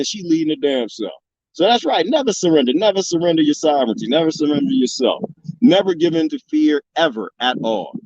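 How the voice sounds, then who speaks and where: A man hosting a casual livestream, reading comments and rambling in an animated, profane and laughing manner. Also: on the high side, no room sound. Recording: dull lo-fi dry sound.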